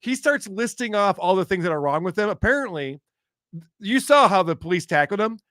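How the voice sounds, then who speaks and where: Male host, high bright voice, sarcastic casual commentary, dry sound. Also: lively intonation, a little fast, dry recording. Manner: joking, sarcastic narration. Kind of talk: casual commentary on police videos.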